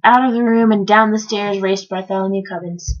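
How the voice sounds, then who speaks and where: A woman giving a theatrical, lively reading of a children's book. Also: medium pitch, fairly quick, lo-fi sound. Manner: lively storytelling. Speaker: reader.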